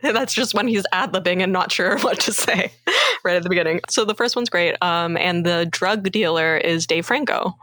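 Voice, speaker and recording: Woman from canada laughing her way thru a movie recap, lowish voice, bright tone. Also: normal speed. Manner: giggly, chatty, laughs often. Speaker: podcast co-host. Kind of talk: casual movie recap chat.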